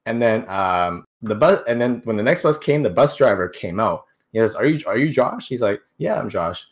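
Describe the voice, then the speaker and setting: Young man telling a story haltingly. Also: medium pitch, expressive. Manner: halting, many restarts and repeated words. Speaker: interview guest. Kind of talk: casual storytelling.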